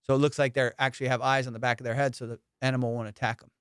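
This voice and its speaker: Animated, profane comedian host with a clear voice. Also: male voice, medium pitch, racing, no room sound, studio quality. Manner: profane, animated storytelling with laughs. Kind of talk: casual podcast chat.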